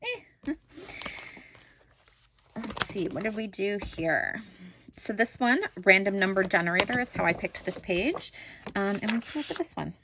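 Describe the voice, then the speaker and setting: A woman in her thirties talks through her coloring pages at home in an easy, rambling way. She is quick to critique her own work and leans on fillers between thoughts. Her pitch sits in a middling range. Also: fairly bright tone, slight background noise, rough recording. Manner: chatty, self-critical, many fillers. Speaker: crafting channel host. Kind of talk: casual show-and-tell of coloring pages.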